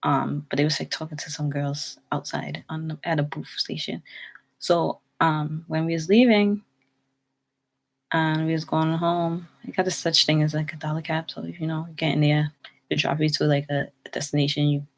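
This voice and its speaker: Low-voiced young woman, rambling storyteller. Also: flat delivery, moderate pace, creaky. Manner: rambling, meandering, with many fillers and restarts. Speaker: vlogger. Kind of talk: casual storytelling.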